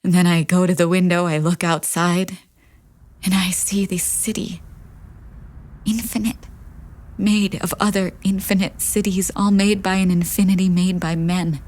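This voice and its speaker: A woman with a slightly low voice performs a staged reading of a play as a monologue. She is wry and anxious, rattling off lists briskly and then dropping to hushed confession. The sound is clean studio audio. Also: little pitch movement. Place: recording studio.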